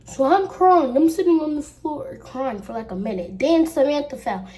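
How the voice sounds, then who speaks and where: A woman's voice: high voice, sing-song, moderate pace, warm tone. A young girl vlogging at home, telling a casual storytime and acting out the people she quotes. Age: child. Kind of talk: storytime while getting ready.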